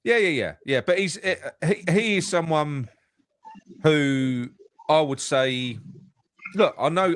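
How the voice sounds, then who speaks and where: A man's voice: mid-range voice, fairly bright tone, no room sound. A man, co-hosting a fan talk show, outspoken and swearing freely, often stumbling and restarting. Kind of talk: heated casual banter.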